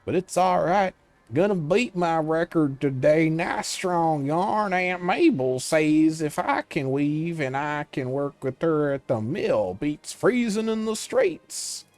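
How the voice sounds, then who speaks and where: A man's voice: fairly high pitch, expressive, slow pace, darkish tone, no room sound, pitched above the performer's own voice. A man voicing a cheeky twelve-year-old girl mill apprentice, chirpy and mischievous, with a put-on working-class accent. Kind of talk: reading game character text aloud.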